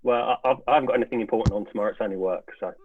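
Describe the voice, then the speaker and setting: A man's voice: lowish voice, rapid-fire, no echo. A man from the UK with an English accent, a podcast guest talking casually and hesitantly on a video call. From United Kingdom. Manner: hesitant, many fillers and restarts. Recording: tinny phone-like call audio.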